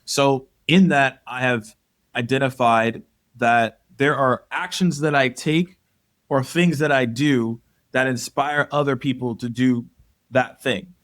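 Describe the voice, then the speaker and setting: A man speaking as a guest on a podcast in casual conversation, telling animated stories and acting out what people said. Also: mid-range voice. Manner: animated storyteller, acts out quotes.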